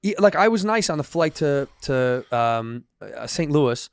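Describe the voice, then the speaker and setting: A man with a somewhat high voice trades blunt, profane banter on a podcast. He speaks close to the mic in a dry, dead studio sound. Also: lively intonation, a little slow, gravelly, clean tone, no echo. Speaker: podcast host. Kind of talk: casual chat.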